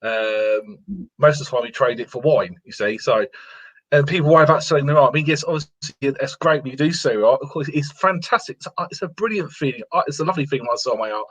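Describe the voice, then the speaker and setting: A man's voice: medium pitch, quick pace, a bit bright. A man, a guest watercolourist, talking earnestly and repeating himself to encourage others in a casual interview. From England. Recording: lo-fi sound.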